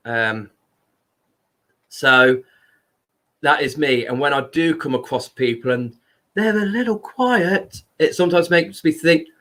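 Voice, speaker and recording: A man hosting a live stream, talking casually and loudly to his viewers. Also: medium pitch. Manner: unhurried, chatty, talks to viewers by name; loud speaking voice.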